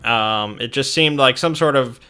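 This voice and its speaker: Bright-voiced young man recounting a game. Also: medium pitch, a little slow, smooth. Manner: rambling, many fillers and restarts. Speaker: tabletop game player. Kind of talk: recounting a tabletop game session.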